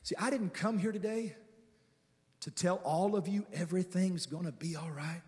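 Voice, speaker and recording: A man preaching a guest sermon, calling on the congregation to respond, moving between quiet conversational asides and shouted, drawn-out declarations. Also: sits high. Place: large church sanctuary with reverb. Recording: long church hall reverb.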